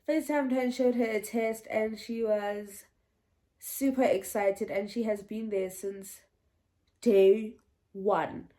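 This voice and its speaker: A woman's voice: medium pitch, fairly even intonation, slow pace, dark tone. A young woman telling a casual storytime vlog, chatty and meandering, often restarting and laughing. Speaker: vlogger.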